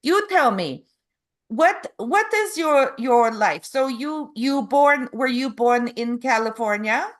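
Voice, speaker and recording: A woman interviewing a guest, speaking haltingly as she searches for her words. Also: sits high, animated. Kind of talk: casual interview.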